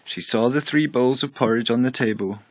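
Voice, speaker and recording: A man narrating a bedtime story in a measured, expressive storybook reading. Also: mid-range voice, highs cut off.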